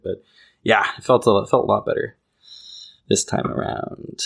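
Young man, podcast co-host, joking, teasing, somewhat low voice. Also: steady tone, normal speed, gravelly. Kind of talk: casual chat.

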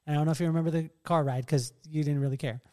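This is a man hosting a casual podcast, his voice a little high and his delivery very fast. He laughs frequently while spinning lively stories, even mimicking the voices of the people in them.

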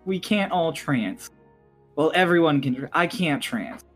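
A man's voice: fairly high pitch, expressive, measured pace, a bit bright, soft background music. A man voicing a flustered young male elf first mate who stammers and gets defensive.

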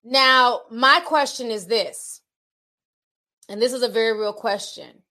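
Opinionated woman vlogger with a higher voice and a blunt, slangy manner. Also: takes it slowly, pushed and bright. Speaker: commentary channel host. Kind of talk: opinionated video commentary.

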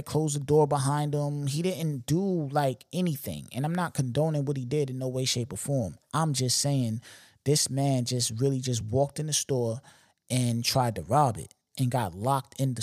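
A man's voice: medium pitch, dry recording. A young man talks through a story on his podcast in a loose, emphatic and slangy way, often turning to the listener with asides. His voice sits in an ordinary middle range. The recording is dry, with no room sound. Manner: animated, slangy, emphatic retelling with repeated asides. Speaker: podcast host. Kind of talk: casual storytelling monologue.

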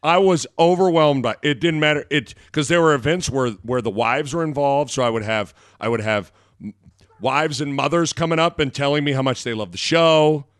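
A man co-hosts a casual sports radio show, his talk rambling and animated, at times erupting into shouted calls. His voice sits at an ordinary middle pitch. The studio sound is dry and close. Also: moderate pace, clear, resonant tone, no room sound.

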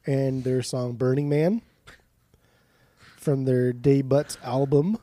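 A man's voice: mid-range voice, steady tone, slow pace, warm tone, no echo. A young man co-hosting a casual podcast chat, goofy and rambling, laughing often at his own riffs. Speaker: podcast co-host.

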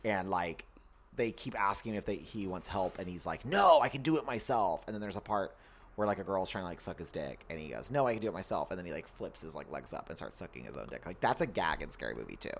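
A man's voice: sits low, lively intonation, quick pace, creaky, slight background noise. A man co-hosting a podcast in casual, campy chat, swearing freely. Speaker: podcast co-host.

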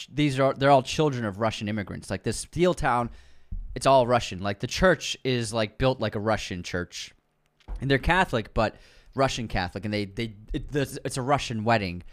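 A man with a Boston accent, co-hosting a podcast in casual chat, enthusiastic and swearing for emphasis. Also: medium pitch. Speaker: podcast co-host.

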